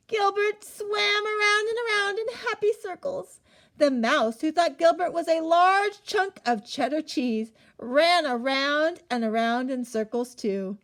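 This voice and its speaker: A young woman reading a picture book aloud to children, asking them questions and gasping as she goes. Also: high voice. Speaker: storyteller.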